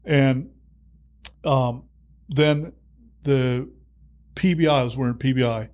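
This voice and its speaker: A man in his sixties, a retired fire captain, telling stories in an interview, animated and quick to laugh. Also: mid-range voice. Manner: animated storyteller, acts out dialogue, laughs often. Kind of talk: storytelling in a podcast interview.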